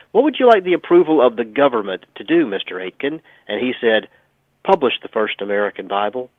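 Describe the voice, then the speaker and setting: A man's voice: medium pitch, no room sound. A man on a radio talk show telling a history story in an emphatic, sometimes sarcastic way. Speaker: radio guest. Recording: tinny phone line, dry.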